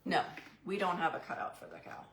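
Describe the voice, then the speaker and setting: Woman craft-stream host, deep voice, folksy "y'all" chatter, echoey room. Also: very animated, fairly quick, a bit bright, slight background noise. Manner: chatty and goofy, answers live chat by name; says "y'all" to viewers. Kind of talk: live painting demo, chatting with viewers.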